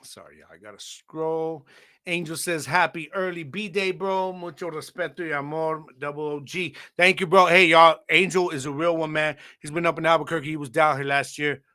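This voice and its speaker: Speaking to his audience directly, a podcast host animatedly recounts a story from his childhood in casual slang. His pitch is fairly high and his pace moderate.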